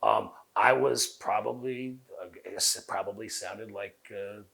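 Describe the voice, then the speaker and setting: A man with a Southern US accent, a guest in an interview, telling long profane stories full of quoted dialogue at a rapid clip. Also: lowish voice, vocal fry, a bit bright. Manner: fast talker. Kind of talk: casual interview storytelling.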